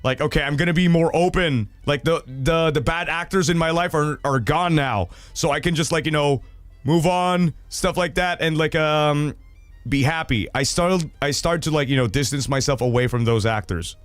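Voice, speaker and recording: Young guy streamer, kinda high voice, rambly and sweary, dry close sound, quiet music behind. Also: moderate pace, no room sound. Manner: animated, swears freely, rambling with many fillers. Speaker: streamer reading viewer stories. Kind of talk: casual livestream chat.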